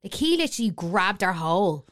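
A woman's voice: mid-range voice, very animated, brisk, a bit bright, no room sound, clean studio sound. A young Irish woman in casual, sweary podcast chat, laughing often. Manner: chatty, sweary, laughs a lot. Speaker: podcast co-host.

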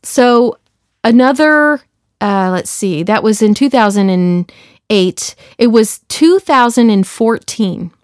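A woman telling a personal story in a casual, animated way, acting out the dialogue and often saying "you know". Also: fairly high pitch, slow pace, no room sound, studio quality. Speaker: speaker sharing a personal testimony.

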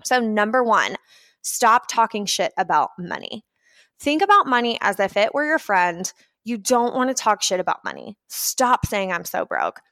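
A woman hosting a casual motivational talk, chatty and animated, often acting out little scenes and dotting her speech with filler words. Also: fairly high pitch, moderate pace, no echo, studio quality. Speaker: podcast host.

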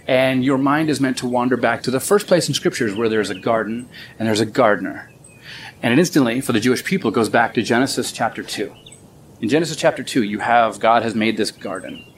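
A man giving a relaxed, conversational sermon outdoors in a small garden, thinking aloud as he teaches. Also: medium pitch, a little fast, a little hiss or hum. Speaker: pastor.

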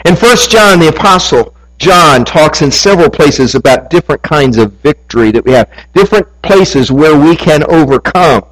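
A man's voice: fairly high pitch, low-quality recording. A man preaching a sermon to his congregation, earnest and building to emphatic peaks. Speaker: pastor.

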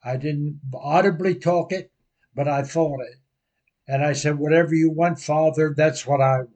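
An older man preaching a sermon, telling a personal story slowly and earnestly. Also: a little high, fairly even intonation, a little mellow. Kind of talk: sermon testimony.

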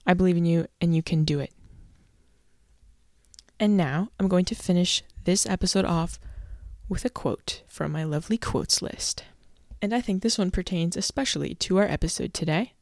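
A woman's voice: fairly low pitch, normal speed, creaky, darkish tone, dry recording, clean studio sound. A young woman hosting a solo podcast, chatty and self-deprecating, laughing as she tells her stories. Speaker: podcast host.

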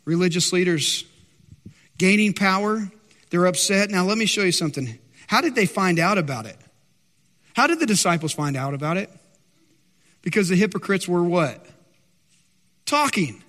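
A male pastor delivers an impassioned sermon in a high, bright-edged voice. Lines trail off into a lingering church reverb. He slips into anxious, quoted voices to dramatize the story. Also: moderate pace, long pauses. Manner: impassioned, acts out anxious disciples in higher voice. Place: church sanctuary. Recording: long hall reverb.

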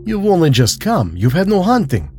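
A man's voice: medium pitch, lively intonation, unhurried, a little mellow, soft background music. A man reading a storybook, voicing a suave, courtly aristocratic hunter with polished, genteel speech and a slight lift in his voice.

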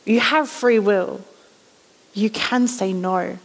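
A woman's voice: medium pitch, takes it slowly. A woman giving a conversational sermon, acting out little voices as she tells stories. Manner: conversational storytelling, acts out voices. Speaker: guest preacher. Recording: reverberant hall.

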